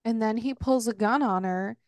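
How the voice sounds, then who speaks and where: Female co-host, frank and foul-mouthed, a touch high-pitched, dry close recording. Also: moderate pace, dry recording. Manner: blunt and frank, swears casually. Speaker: podcast co-host. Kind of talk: casual book-recap chat.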